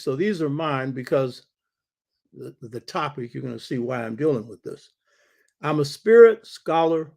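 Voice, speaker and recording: A man's voice: a little high, gravelly. An older man hosting his own show, giving an emphatic monologue lecture from his home study and repeating key phrases for stress. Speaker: show host.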